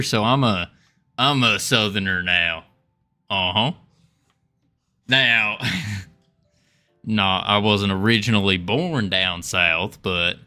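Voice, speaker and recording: A man livestreams his game development, chatting casually, reading chat aloud and chuckling often as he rambles. His voice is fairly low in pitch, bright and forceful.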